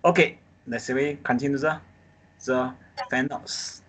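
A man with a Chinese accent teaches a live online Mandarin group class over a video call, drilling pinyin sounds and tones in non-native English. His mid-range voice is steady, a bit bright and a little slow, with slight background noise.

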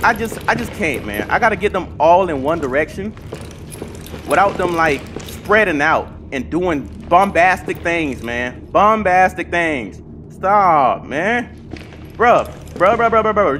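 Jumpy young horror gamer, lively voice. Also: mid-range voice, measured pace, background noise. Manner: talks to self, mutters then yells in panic, swears. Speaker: gaming channel host. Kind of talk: horror gameplay commentary.

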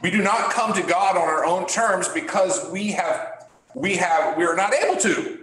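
A man leading a Bible class discussion, halting and repeating words as he asks the class questions. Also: high voice, a bit bright. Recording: echoey room.

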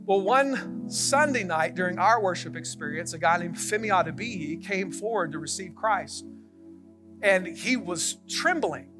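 A middle-aged male pastor telling a story in a sermon, getting animated and loud as it builds. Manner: animated, gets loud and high when excited.

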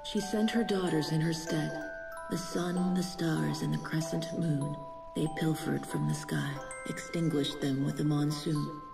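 A game narrator reciting rhyming storybook verse in a slow, measured, lyrical way. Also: mid-range voice, expressive, vocal fry. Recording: distant voice with long reverb, music.

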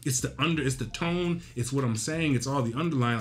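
A man's voice: medium pitch, fairly quick. A man coaching new agents in a casual teaching tone. He talks directly and emphatically, and he keeps checking in with the listener as he goes. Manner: direct, emphatic, frequent "right?" tag questions. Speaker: real estate coaching host. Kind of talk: casual instructional talk.

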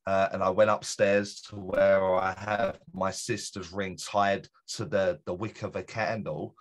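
A man's voice: lowish voice, steady tone, slow pace. A middle-aged man, a guest medium, telling a personal story in a rambling way, full of fillers and restarts. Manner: rambling, self-correcting, many fillers. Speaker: guest, spiritual medium and teacher. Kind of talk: casual storytelling in an interview.

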